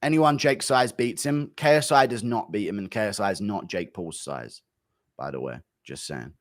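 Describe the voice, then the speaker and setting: A man, reacting to chat on a livestream, giving blunt, dismissive, rapid-fire verdicts. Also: lowish voice, no echo, clean studio sound. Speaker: streamer.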